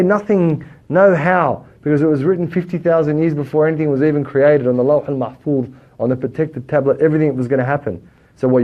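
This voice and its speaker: A man with an Australian accent teaching a religious lesson, lively and full of rhetorical questions, rising loud then dropping quiet. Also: on the high side. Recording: dull lo-fi recording.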